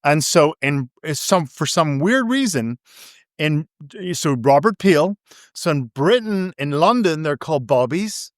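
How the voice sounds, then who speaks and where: Man, smooth clear voice, higher pitch, dry close sound, playful rambling talk. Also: expressive, measured pace, dry recording. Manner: rambling, playful, acts out little scenes in silly voices. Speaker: author guest. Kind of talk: casual interview chat.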